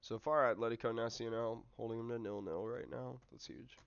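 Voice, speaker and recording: A man's voice: mid-range voice, fairly even intonation, brisk, creaky, clean tone, no room sound, lo-fi sound. A man with an American accent streaming a football management game, reacting casually and cursing at the play. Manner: frustrated, swearing, reacting live to play. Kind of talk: casual gaming livestream commentary.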